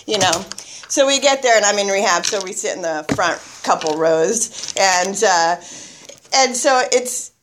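A woman's voice: mid-range voice, normal speed, noisy background. A woman telling her own story to a meeting audience, nervous and chatty, often laughing at herself. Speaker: guest speaker at a recovery meeting. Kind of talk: personal story told to a live audience.

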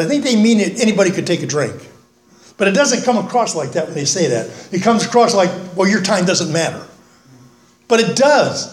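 An older man giving a folksy, earnest talk at a recovery meeting, with self-mocking humor. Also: high voice. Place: meeting room, speaking from the front. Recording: echoey meeting room.

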